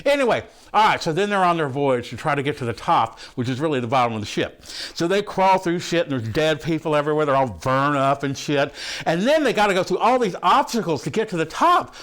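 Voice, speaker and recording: A man's voice: a little high, very animated, brisk, fairly bright tone. A man playing a crude, horny movie fan who rambles and swears through a comic retelling of an old film. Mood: excited. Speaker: host reviewing a film. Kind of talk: comic character monologue.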